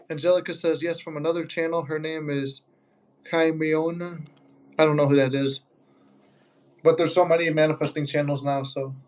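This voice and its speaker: A man's voice: on the high side, flat delivery, moderate pace, long pauses, darkish tone. A man with a Chicago accent hosting a casual livestream chat, chatty and joking as he reads viewer comments aloud. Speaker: livestream host.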